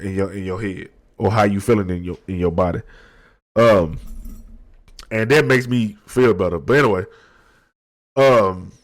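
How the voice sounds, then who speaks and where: Low-voiced man in his thirties, reflective. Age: 30s. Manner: slow, low-key, reflective, with slang and many restarts. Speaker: podcast host. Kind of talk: candid personal monologue. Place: at his desk.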